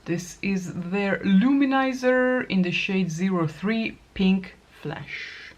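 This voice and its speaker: A woman's voice: medium pitch, slow, few pauses. A middle-aged woman chatting casually through a get-ready-with-me makeup routine, thinking aloud as she applies each product. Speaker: makeup vlogger.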